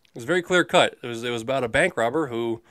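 A man's voice: medium pitch, fast, fairly bright tone, no echo, studio quality. A man co-hosting a movie review podcast, chatting casually in a rambling, jokey way with the odd swear. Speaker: podcast co-host.

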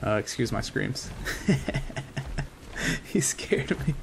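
A man hosting a casual let's-play, reacting excitedly and chatting to the creatures he tames. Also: fairly low pitch, slow, creaky, noisy background. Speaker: gaming channel host.

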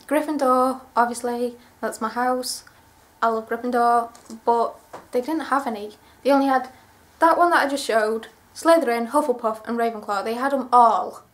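A woman's voice: on the high side, a little slow. A young woman chatting through a clothing haul vlog, gushing and rambling with enthusiasm. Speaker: vlogger.

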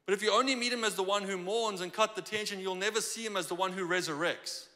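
A man preaching a sermon in a church, conversational and animated, acting out the lines he quotes. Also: high-pitched, fast, long reverb tail. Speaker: pastor. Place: church sanctuary.

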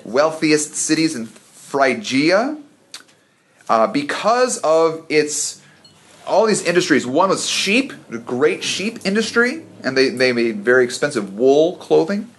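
A man's voice: on the high side, big pitch swings, takes it slowly, fairly bright tone. A man leading an informal church Bible study for a small group, chatty and prone to stumbling over words.

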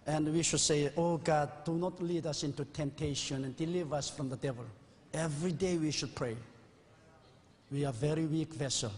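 A man in his sixties, a pastor preaching an earnest, confessional sermon in a church sanctuary. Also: fairly high pitch. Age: 60s. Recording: old VHS recording with long reverb.

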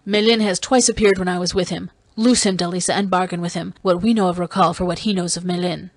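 A woman reading an audiobook voices a harsh man quick to rage, speaking low and bitter. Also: fairly even intonation, no room sound.

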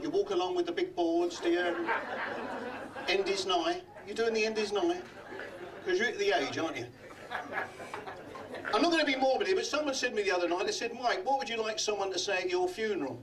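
An older man from London doing a comedy magic act in a hotel function room, chatty and teasing the audience with quick gags. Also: sits high, animated, recorded from a distance, a crowd in the background. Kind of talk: live club comedy act.

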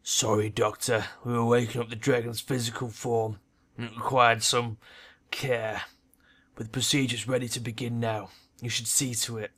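A man voicing a burned, cocky male orc mercenary who talks in a gruff, mocking way in a game read-through. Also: medium pitch, little pitch movement, moderate pace, fairly bright tone. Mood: deferential.

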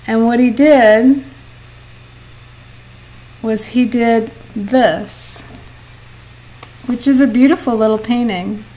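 Slow, chatty woman teaching watercolor live. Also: on the high side, mellow, low-quality recording. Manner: chatty, laughs often, reads viewer comments aloud. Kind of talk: live painting lesson with chat.

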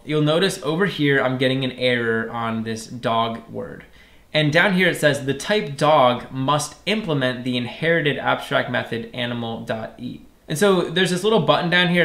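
A man's voice: medium pitch, fairly bright tone, reverberant. A man teaching a programming tutorial, explaining each step plainly and often checking in with "right?". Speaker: programming instructor. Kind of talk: screen-recorded coding tutorial.

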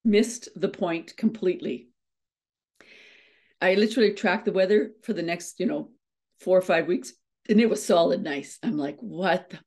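A middle-aged woman, a motivational speaker, telling a story with fast, self-mocking humor and frequent laughs. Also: lowish voice, darkish tone. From Canada. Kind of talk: storytelling keynote talk.

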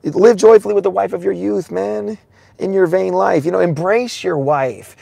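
A man preaching a sermon in a casual, excitable way, often laughing, swinging between shouts and hushed asides and saying "man" a lot. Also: sits high, moderate pace, gravelly, dry recording, clean studio sound.

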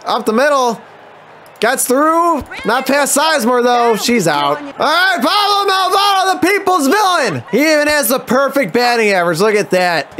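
A man commentating his own baseball video game, excitable, swearing and groaning at the plays. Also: extremely high pitch. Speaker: gameplay commentator. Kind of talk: let's play commentary.

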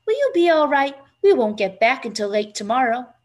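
A woman voicing a calm, sensible, sturdy farm wife who speaks in a matter-of-fact way. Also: high voice, fairly quick. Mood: eager.

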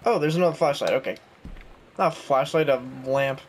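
Young man, gaming commentary, chatty, self-mocking, slightly higher voice. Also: a little fast, slight background noise. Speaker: gaming YouTuber. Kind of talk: casual let's-play commentary.

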